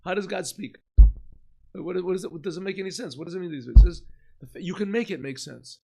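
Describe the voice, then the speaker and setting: A man, a rabbi, giving an informal Torah lesson, asking and answering his own questions and often clearing his throat. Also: sits high, a little fast, warm tone. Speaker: rabbi teaching a class.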